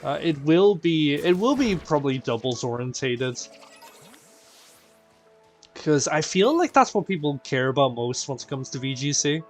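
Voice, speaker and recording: A man's voice: on the high side, moderate pace. A man hosting a live stream, chatting playfully with his viewers. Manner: animated and playful, addressing chat as "people". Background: faint game music.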